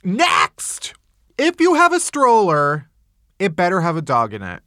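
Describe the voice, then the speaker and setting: Male comedy podcast host, over-the-top rants, swings his pitch wildly, dry close sound. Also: huge pitch swings, normal speed, sharp tone, no room sound. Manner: theatrical, exaggerated ranting with swearing.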